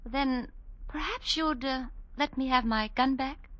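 A woman's voice: high voice, measured pace, a bit bright, lo-fi sound. An actress playing a wary, eager young woman in a 1940s radio drama, breathless in manner. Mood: anxious.

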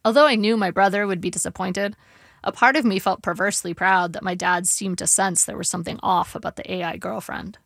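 Woman reading a memoir with vocal fry. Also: mid-range voice, fairly even intonation, fairly bright tone, dry recording, clean studio sound. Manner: measured, wry storytelling. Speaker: narrator. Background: faint guitar music.

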